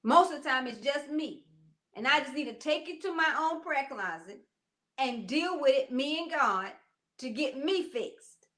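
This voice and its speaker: Emphatic co-host, woman, high bright voice, preachy call-and-response style. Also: lively intonation, unhurried. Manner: emphatic, preachy, keeps saying "come on". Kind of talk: casual chat.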